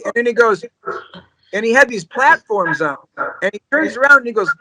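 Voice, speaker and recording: A man's voice: extremely high pitch, expressive, a little fast, pauses often, pushed and bright, low-quality recording. A man, a drummer, telling stories in a casual interview, rambling and laid-back, peppering his talk with "you know" and "man.".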